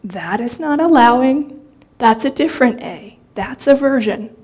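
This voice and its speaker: A woman who teaches meditation delivers a dharma talk gently and conversationally, yet with animation. Her fairly high, mellow voice has a soft, breathy edge, and she often pauses on fillers and restarts sentences.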